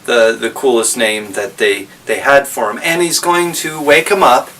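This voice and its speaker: A man's voice: mid-range voice, moderate pace, a bit bright, distant mic. A man casually recapping a story, rambling and correcting himself as he goes.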